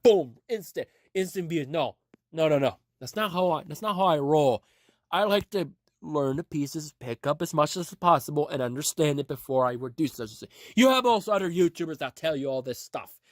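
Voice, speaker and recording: A man's voice: fairly high pitch, lively intonation, fairly quick, no room sound, studio quality. A man hosting his own audio podcast, talking in an earnest, rambling and motivational way, often repeating himself and restarting his sentences. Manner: earnest, repetitive, with frequent restarts. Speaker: podcast host.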